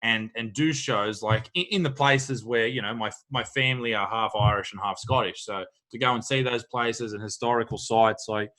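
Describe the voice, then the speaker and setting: Australian host, young adult, bright forceful tone, blunt and sweary. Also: male voice, medium pitch, steady tone, moderate pace, hardly any pauses. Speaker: podcast host, comedian. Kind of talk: casual chat.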